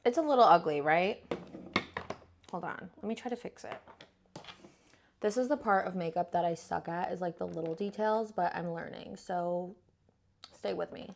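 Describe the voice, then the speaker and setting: A woman's voice: fairly low pitch, moderate pace, creaky, pauses often, a little hiss or hum. Young woman vlogger, casual makeup chat, playful slang and fillers, self-deprecating. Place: home.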